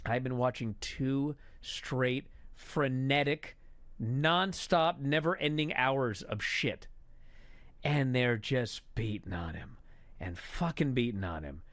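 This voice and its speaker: A man telling a story as a profane, exasperated rant that builds to shouting. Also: medium pitch, slow pace, dry recording. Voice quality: animated storyteller. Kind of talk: comedic rant.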